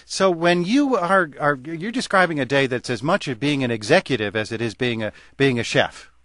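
A man hosts a radio call-in show in a measured, conversational way. His pitch sits in the middle range. The studio sound is dry and close. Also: animated, a bit bright, no echo. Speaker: radio talk show host.

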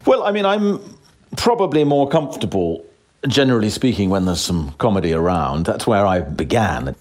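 A man's voice: fairly low pitch, big pitch swings, normal speed, darkish tone. A man in his sixties, an actor talking as a guest in a casual interview, self-deprecating with frequent chuckles and restarts.

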